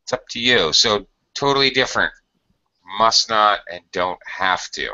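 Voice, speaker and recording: Man, English teacher, slow patient explaining, bright tone, dull lo-fi audio. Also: lowish voice, expressive. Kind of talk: online grammar lesson.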